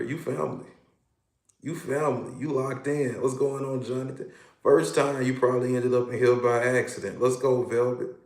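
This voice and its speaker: A man's voice: mid-range voice, creaky, darkish tone. A man hosting a livestream as a hypnotist, greeting viewers by name in an upbeat, coaching way. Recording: echoey room.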